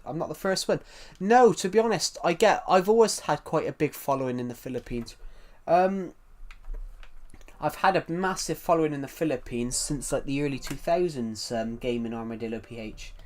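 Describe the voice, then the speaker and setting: A man's voice: on the high side, moderate pace. A young man from the south of England with a southern English accent, chatting casually on a game live stream and rambling through viewer comments with many restarts. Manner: rambling, repeats and restarts phrases while reading chat.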